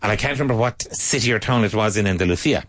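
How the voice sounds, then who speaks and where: A man from Ireland teaching English in a relaxed conversational lesson, telling anecdotes and often mimicking regional accents. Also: lowish voice, rapid-fire.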